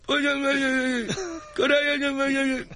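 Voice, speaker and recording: A man's voice: very high-pitched, monotone, pushed and bright, voice pushed up. A man doing a mumbling, befuddled old rock star. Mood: confused. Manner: slurred, drawn-out, repeating himself.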